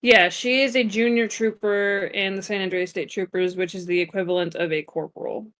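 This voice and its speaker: A bright, chatty woman telling stories. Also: mid-range voice, brisk, slight background noise. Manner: chatty, animated storytelling, laughs easily. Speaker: guest roleplayer. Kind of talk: casual interview chat.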